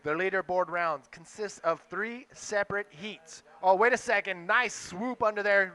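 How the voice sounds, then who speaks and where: Excitable male play-by-play caller, bright high-set voice. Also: clean tone. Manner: excitable, quick bursts over action. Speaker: play-by-play commentator. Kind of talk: live sports commentary.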